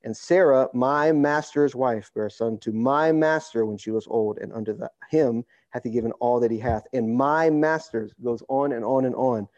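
A man preaching a casual sermon, reading scripture aloud and acting out the people in it in relaxed, everyday slang. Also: mid-range voice, normal speed, hardly any pauses, dry recording, highs cut off. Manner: relaxed and conversational, acts out quotes in slang.

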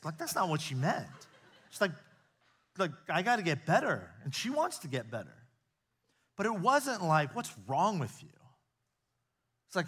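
A man's voice: fairly high pitch, husky. Earnest middle-aged man preaching a sermon. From United States. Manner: earnest preacher, rising to emphatic peaks, dropping to soft confiding storytelling. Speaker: pastor. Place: church auditorium with a live audience.

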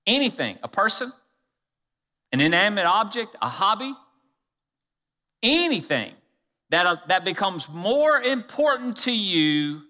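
A man preaching a sermon as pastor to his church, stressing key phrases by slowing down and dropping low. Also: bright, forceful tone. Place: church sanctuary. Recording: long reverb of a church hall.

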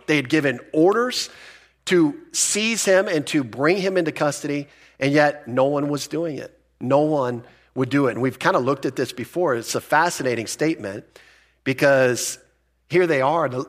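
A male pastor giving a sermon in a conversational, emphatic way. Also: a little high.

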